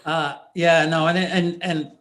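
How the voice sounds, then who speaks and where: An older man hosting a casual interview, telling stories in a rambling, hesitant way with many pauses and restarts. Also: on the high side, flat delivery, fairly bright tone. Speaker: interviewer, host.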